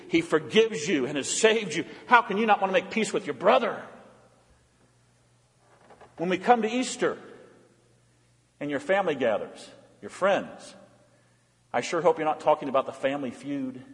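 A man preaching a sermon with a high, lifted voice that carries through a reverberant church hall. He drives home repeated refrains, rising to loud appeals and then dropping to near-hushed lines. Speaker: pastor.

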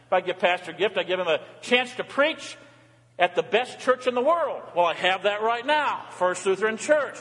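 An older man preaches from the pulpit with a fairly high voice that swings between hushed, intimate lows and excited peaks. His words ring out with a long church reverb behind them. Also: a little fast. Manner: warm, animated preaching with dramatic drops and rises. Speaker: pastor. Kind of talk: sermon. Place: large church sanctuary.

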